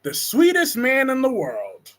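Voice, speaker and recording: A man hosting a casual live-stream chat about soap operas, excitable and quick to fire up, reading viewer comments aloud. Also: very high voice. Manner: excitable, swings from calm to loud anger. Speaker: soap opera talk show host.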